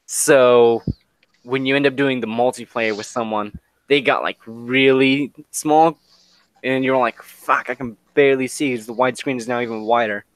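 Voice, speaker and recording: A man's voice: medium pitch, steady tone, moderate pace, dry recording, rough recording. A man co-hosting a casual podcast chat, telling wry, grumbling anecdotes. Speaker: podcast co-host.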